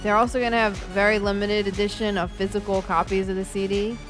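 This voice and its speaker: A woman joins a casual chat and makes her points bluntly. Her voice sits in an ordinary middle range. Soft music runs behind her. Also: mid-range voice, level tone, quick pace. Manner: opinionated, direct.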